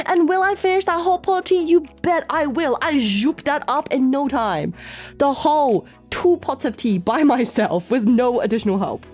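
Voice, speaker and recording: A woman streamer telling a story in casual, animated chat, giggly and rambling. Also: sits high.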